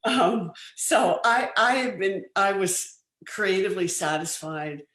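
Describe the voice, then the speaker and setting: Older woman, interview guest, anecdotal and animated, restarts often, echoey studio. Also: mid-range voice, slow. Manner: lively anecdotal storytelling, frequent laughs and restarts. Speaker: film producer, guest. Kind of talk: casual interview chat. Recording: roomy studio sound.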